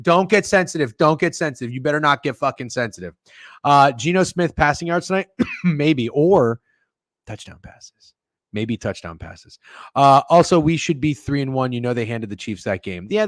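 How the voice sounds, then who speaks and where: Close to his studio mic, a man with a sore throat and a cough hosts a sports betting livestream, reading messages and bantering with chat and co-hosts. He rambles, swears, jokes, and bursts out loudly at times, his medium-pitched voice animated and a little fast on a dry recording.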